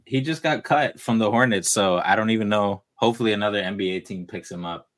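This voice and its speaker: A man with a New York accent hosts a casual podcast, chatty and relaxed. His voice sits a little low, and he laughs easily with his guests. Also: quick pace. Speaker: podcast host.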